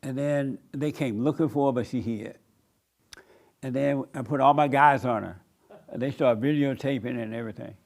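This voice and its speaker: A pastor and show host telling a story in a casual, colloquial way, laughing often and snapping out punchy retorts. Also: male voice, medium pitch, normal speed, creaky, a little mellow.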